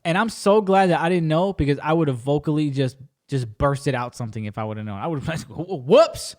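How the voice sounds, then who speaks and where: A podcast host tells a story casually, animated and acting out the voices of the other people in it. He talks fast, with a voice on the high side.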